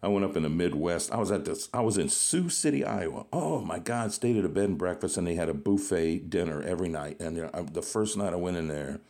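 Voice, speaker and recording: This man speaks low and brisk with a darkish tone, barely pausing, and his delivery is expressive. He's a podcast host in a relaxed interview, a jokey storyteller who laughs a lot.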